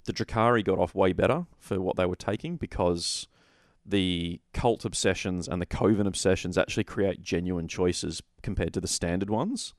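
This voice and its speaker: A man with a very low voice talks through game rules in a loose, rambling way, restarting his sentences and weighing options aloud. He sounds opinionated but relaxed, as in casual hobby chat. The recording is dry and close, with no room sound. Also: moderate pace, few pauses, no room sound. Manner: rambling, self-correcting, opinionated. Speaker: podcast co-host. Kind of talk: casual tabletop wargaming chat.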